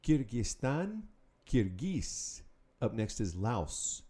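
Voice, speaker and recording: A man hosting a Spanish lesson podcast, calling out words, pausing, then giving the answers in an upbeat, patient way. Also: on the low side, expressive, warm tone. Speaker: Spanish teacher. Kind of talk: podcast language drill.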